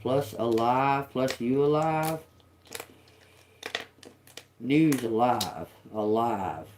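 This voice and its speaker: A woman's voice: very deep voice, extremely slow, a little mellow, slight background noise. A woman giving a casual spiritual reading to a collective audience. She laughs often, swears freely and talks in a loose, streetwise way. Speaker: intuitive reader.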